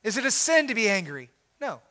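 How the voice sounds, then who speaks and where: A man preaching a sermon as pastor, swinging from loud emphatic preaching to quiet, intense asides. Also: high voice, very animated, fairly quick.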